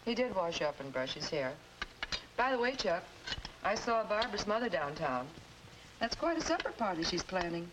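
A woman playing a proper mother in an old educational film, gently correcting her son. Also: fairly low pitch, very animated, normal speed. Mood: gentle. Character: proper middle-aged mother. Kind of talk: 1950s educational film acting. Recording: noisy old film soundtrack.

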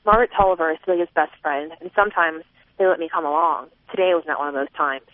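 A woman's voice: sits low, fast, dry recording. A woman narrating a first-person novel, expressively voicing a young girl's thoughts. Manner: expressive, voicing a twelve-year-old girl's inner thoughts. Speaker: audiobook narrator. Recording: narrow phone-like sound, dry.

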